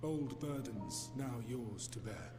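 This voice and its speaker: An awakened ancient spirit who speaks slowly and gravely, every word formal and weighty, as if each one costs him. His voice rings with echo as game music swells clearly beneath it. This is a video game cutscene. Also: mid-range voice, lively intonation, warm tone. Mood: solemn. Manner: grave, measured, formal speech. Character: solemn ancient male emissary, awakened spirit. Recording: echoey game audio under music.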